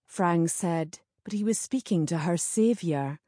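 A woman narrating a historical novel in a measured, steady storytelling voice. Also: on the low side, no room sound, studio quality. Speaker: audiobook narrator. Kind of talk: scripted narration.

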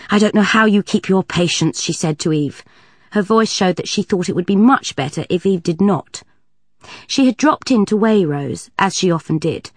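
A woman narrating a children's storybook aloud in an even, clear manner. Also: mid-range voice, no echo. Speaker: audiobook narrator. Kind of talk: storybook reading.

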